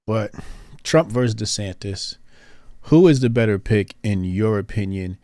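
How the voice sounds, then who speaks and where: A man hosting a podcast, laughing easily and asking his questions in an apologetic way. His voice is low and swings widely in pitch, and it sounds dry and close to the mic. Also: expressive, measured pace, warm tone, no echo. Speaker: podcast host. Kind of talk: casual podcast interview.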